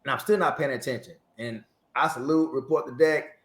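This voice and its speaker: A man's voice: mid-range voice, a little fast. A man in his forties, a Marine veteran guest, telling a story in an interview and acting out the dialogue. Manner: lively storyteller who acts out dialogue. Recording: roomy echo.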